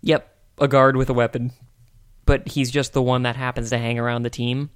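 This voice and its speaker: A man's voice: mid-range voice, little pitch movement, moderate pace, clean tone. Chatty, laughing podcast co-host man. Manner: rambling, joking, laughs often. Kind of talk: casual chat reviewing a cartoon.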